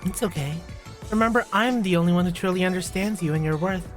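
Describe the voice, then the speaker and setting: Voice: mid-range voice, quick pace, faint music behind, natural voice. A condescending girl student leader from a story game speaks in a cold, dismissive tone, read out by a streamer playing through it, always plotting. The delivery stays level and aloof. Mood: scheming.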